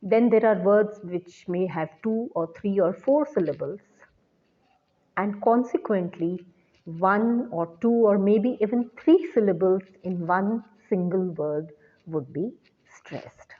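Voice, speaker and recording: A woman teaching an English lesson in a measured, deliberate way, repeating her key points. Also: mid-range voice. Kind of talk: slow lecture. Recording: dull lo-fi recording.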